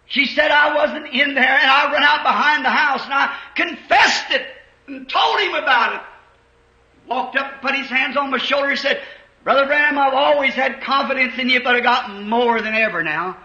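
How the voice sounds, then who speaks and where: A man preaching a fervent sermon, telling stories and rising to shouts. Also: very high-pitched, normal speed. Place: church. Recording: roomy dull 1950s church recording.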